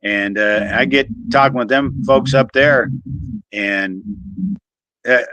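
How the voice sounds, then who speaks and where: A man's voice: medium pitch, takes it slowly, bright, forceful tone, dry recording, rough recording. A man from the US South with a Southern accent, hosting a casual chat and telling jokey stories. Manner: jokey storytelling, chuckles often. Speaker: host. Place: Florida.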